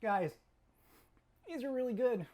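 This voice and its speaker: A man's voice: very high voice, lively intonation, measured pace, dark tone. Chatty man hosting a cooking vlog. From California. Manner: chatty, rambling, self-mocking jokes; talks while eating. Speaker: cooking channel host.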